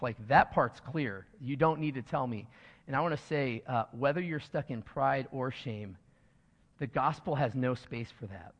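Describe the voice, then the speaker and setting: A man's voice: mid-range voice, normal speed. A man preaching a sermon as pastor, earnest and rising to emphatic points, with casual fillers. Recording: dull sound in a long reverberant hall.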